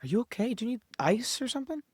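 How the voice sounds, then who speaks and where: A woman's voice: on the high side, sing-song, racing, darkish tone, slightly rough, dry recording, clean studio sound. A performer reading a sulky, pleading teenage boy in a screenplay table read. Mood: concerned. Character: whiny teenage boy who loves his guitar.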